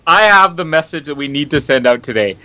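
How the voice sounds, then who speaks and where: Young male podcast co-host, high bright voice, dry teasing wit, close dry sound. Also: expressive, a little fast, dry recording, rough recording. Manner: dry teasing jokes, chuckling. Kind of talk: casual chat.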